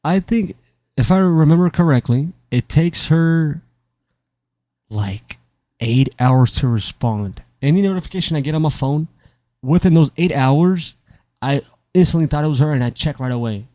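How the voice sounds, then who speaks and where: A man's voice: fairly high pitch, animated, normal speed, mellow, no echo. Rambling young man telling a story. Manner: rambling, stammering, self-mocking. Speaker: gaming commentator. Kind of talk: casual storytelling over gameplay.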